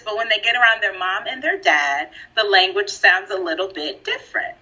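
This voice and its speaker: A woman co-hosting a casual podcast discussion, talking in an animated, emphatic way and laughing often. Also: mid-range voice, normal speed. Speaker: podcast co-host. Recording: dull lo-fi recording.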